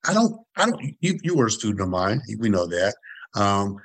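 A man in his sixties from Detroit, speaking as a guest in a podcast interview. His voice sits low and the recording is dry and close. He tells his stories earnestly and passionately, repeating phrases for emphasis. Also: very animated, normal speed, a bit bright, no room sound, low-quality recording. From Detroit, USA. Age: 60s. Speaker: guest, former student body president. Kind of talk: interview storytelling.

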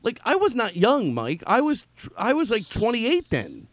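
A man's voice: extremely high pitch, moderate pace, dry recording. A middle-aged man hosting a casual chat, telling old stories with energy and acting out what people said. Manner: animated storyteller, acts out quotes. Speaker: podcast host.

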